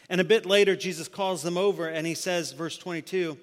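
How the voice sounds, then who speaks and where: Male pastor, fairly high voice, sermon delivery that swings from forceful to hushed, church hall with long reverb. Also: fairly quick, hardly any pauses. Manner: swings between loud emphatic preaching and hushed near-whisper.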